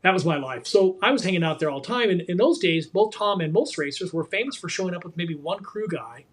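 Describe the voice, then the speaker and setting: A man in his sixties, a guest in a conversation, telling animated anecdotes and acting out the quotes. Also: high voice. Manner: animated, quick storyteller who acts out quotes.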